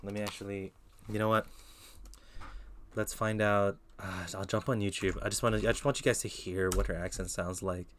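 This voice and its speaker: Young man from the Philippines, streamer, low-voiced, relaxed slangy chat on a headset. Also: a little fast, a little hiss or hum. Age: 20s. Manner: laid-back, slangy, chatty. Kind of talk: casual live-stream chat.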